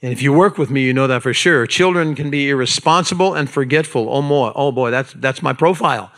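A man preaching a sermon to a congregation in a church, animated and conversational, with asides to the people in the room. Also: medium pitch, fairly quick. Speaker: pastor. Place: church sanctuary.

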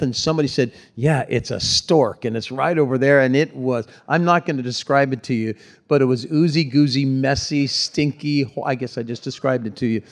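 A middle-aged man, a pastor, giving a sermon in a conversational, folksy way with touches of humor. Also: medium pitch.

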